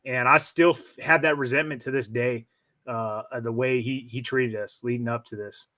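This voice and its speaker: A man in his forties speaks with a fairly bright, forceful voice. He tells his story frankly and at a measured pace, often restarting a phrase as he works through it. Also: medium pitch, fairly even intonation. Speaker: stream guest. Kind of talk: casual storytelling.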